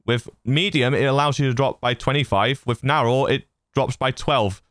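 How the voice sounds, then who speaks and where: A man's voice: mid-range voice, normal speed, a bit bright, no room sound. A man casually walking through voice effects on his audio mixer, chatty and laughing at his own silliness, on a studio broadcast mic. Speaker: host demonstrating audio gear. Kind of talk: casual tutorial walkthrough.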